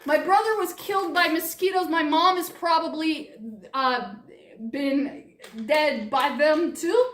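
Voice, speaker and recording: Woman doing a deadpan, mumbling young guy. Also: high-pitched, takes it slowly, echoey room. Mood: flat. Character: deadpan young man, boyfriend.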